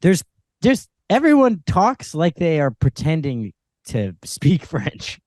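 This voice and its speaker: Young man, podcast co-host, chatty and giggly, lively pitch, dry close sound. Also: takes it slowly, dry recording. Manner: laughing often, rambling with restarts. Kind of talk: casual comedic chat. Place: hotel room.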